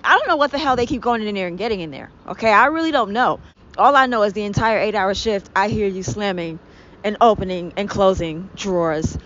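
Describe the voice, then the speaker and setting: A woman's voice: on the high side, fairly bright tone. A woman hosting a solo podcast, ranting sarcastically and with exasperation, swearing as she goes. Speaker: podcast host. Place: indoors near a street with honking cars. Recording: dull lo-fi home recording with faint traffic.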